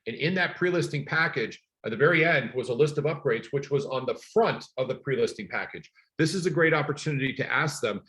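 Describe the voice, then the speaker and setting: A man's voice: mid-range voice, fairly quick, hardly any pauses. A middle-aged man teaching a class for real estate agents, talking emphatically and telling stories from his own work. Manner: energetic, emphatic coaching with personal stories.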